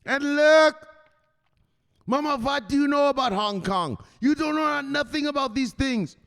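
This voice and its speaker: A man voicing a hardcore crypto-investor son who loudly lectures his mother. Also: extremely high pitch, animated, unhurried, vocal fry, pitched above the performer's own voice, full character voice. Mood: bossy, lecturing. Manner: loud, bossy, lecturing.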